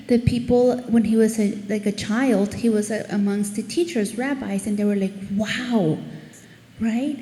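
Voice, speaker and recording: Earnest woman teaching scripture, echoey room. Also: fairly high pitch. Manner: earnest, animated when reading scripture aloud. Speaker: ministry speaker. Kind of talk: devotional Bible teaching. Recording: echoey room with long reverb.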